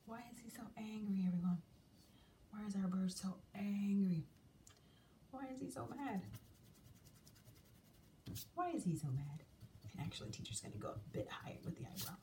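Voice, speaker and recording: A woman's voice: on the low side, dark tone. A woman teaching young children a drawing lesson, coaxing and sing-song as she draws and asks them questions. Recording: distant mic, faint room noise.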